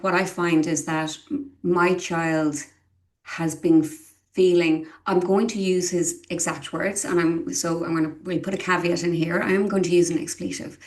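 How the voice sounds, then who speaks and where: This is a middle-aged woman speaking as a guest in a conversational interview. Her voice sits a little low, and her delivery is earnest and emotional. She halts and restarts phrases often as she works through her thoughts. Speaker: guest, parent of a child with dyslexia.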